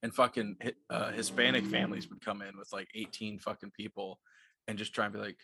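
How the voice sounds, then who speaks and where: Bright, dry-voiced man swearing through stories. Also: fairly low pitch, little pitch movement, fast, vocal fry, slightly rough, no echo. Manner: rambling, swears a lot, laughs while telling stories. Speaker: podcast co-host. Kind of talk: casual chat.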